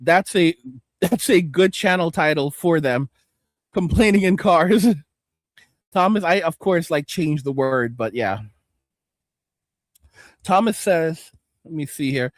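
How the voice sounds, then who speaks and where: A man's voice: a little high, animated, takes it slowly, pauses often, dry recording. A man hosting a livestream, ranting with lots of profanity and stammered restarts, talking straight to his viewers and reading out chat comments. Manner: profane, rambling, stammers, addresses viewers directly. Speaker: host.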